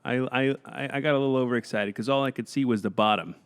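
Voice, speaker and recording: A man's voice: medium pitch, quick pace, clean tone. A young man co-hosting a comedy podcast, teasing his partner and laughing often in casual chat. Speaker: podcast co-host.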